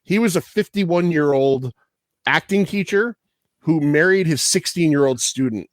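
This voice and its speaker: A man's voice: on the high side, animated, unhurried, dry recording. Chatty man with a dry close sound. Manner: rambling, profane, laughs often. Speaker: podcast host. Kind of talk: casual podcast chat.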